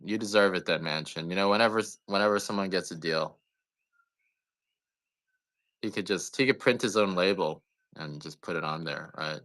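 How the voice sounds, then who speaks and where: A man's voice: low voice, normal speed, pauses often, fairly bright tone. A man chatting casually while selling coffee on a live stream, rambling, joking and swearing now and then. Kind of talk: casual live-sale chat.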